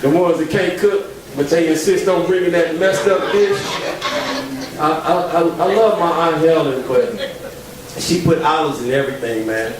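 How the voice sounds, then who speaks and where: A man's voice: fairly high pitch, moderate pace, crowd noise. A man performing stand-up, telling his story in a stammering, exasperated way. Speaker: stand-up comedian. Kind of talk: stand-up comedy set. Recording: very echoey venue from far off.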